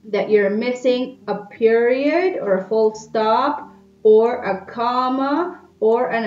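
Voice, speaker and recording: A woman teacher talks children through a recorded lesson, patient and steady, checking in with a frequent "okay?". Her voice sits a little high. It sounds slightly dull and lo-fi, in an echoey room with faint music underneath. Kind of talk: recorded online class instructions for children.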